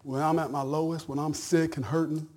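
A middle-aged male pastor preaching a sermon in a conversational, folksy way, stammering and then rising to loud shouted peaks. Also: fairly high pitch, level tone, fairly quick.

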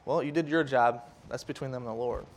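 A youth leader with a medium-pitched voice preaches a loose, conversational sermon at a fast pace, full of fillers and restarts. He gets animated as he mimics the voices of scoffers.

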